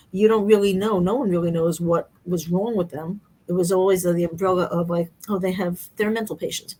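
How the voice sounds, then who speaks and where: A woman's voice: lowish voice, darkish tone, breathy edge, low-quality recording. Chatty woman podcast host. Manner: chatty, personal, emphatic asides. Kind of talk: casual conversation.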